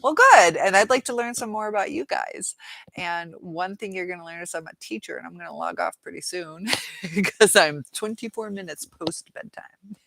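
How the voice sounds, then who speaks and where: A woman's voice: lowish voice, normal speed, gravelly, a bit bright, no room sound. A middle-aged woman hosting a live chat, rambling casually through viewer comments and laughing often.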